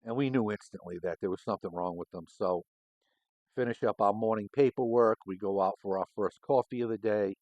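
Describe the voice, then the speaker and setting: A man's voice: on the low side, brisk, darkish tone, dry recording, muffled recording. A middle-aged man, a former homicide detective hosting a cigar show, telling a story in a casual, rambling and profane way.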